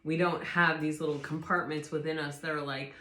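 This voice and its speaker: A woman's voice: sits low, fairly even intonation, fairly quick, sharp tone. A woman doing a casual spoken tarot reading, reflective and rambling, often restarting her sentences. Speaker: tarot reader. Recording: roomy echo.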